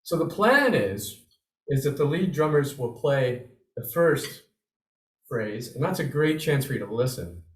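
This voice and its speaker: A man's voice: medium pitch, big pitch swings, measured pace. A man giving an online snare drum lesson, upbeat and encouraging, walking through scores and vocalizing the rhythms. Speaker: drumming instructor. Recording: roomy, slightly distant video call audio.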